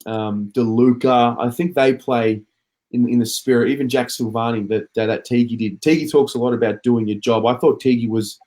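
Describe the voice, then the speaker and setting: Man, casual footy talk host, reads viewer comments, mid pitch. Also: fairly even intonation, moderate pace, darkish tone. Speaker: podcast host reading comments.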